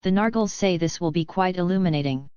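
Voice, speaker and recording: A woman's voice: on the low side, fairly quick, darkish tone, smooth, no room sound, lo-fi sound, close to an everyday voice. A woman voicing a dreamy, whimsical teenage witch with an otherworldly way of talking.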